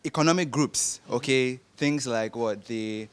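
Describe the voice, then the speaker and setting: A young man, explaining his view as a guest on a panel debate, deliberate and lecturing, often searching for words. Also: mid-range voice, clean tone. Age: young adult.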